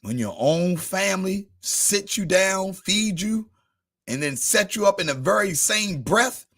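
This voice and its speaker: A man's voice: high-pitched, expressive, unhurried, fairly bright tone. A man preaching a sermon, addressing the congregation by name with rising and falling volume. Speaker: pastor.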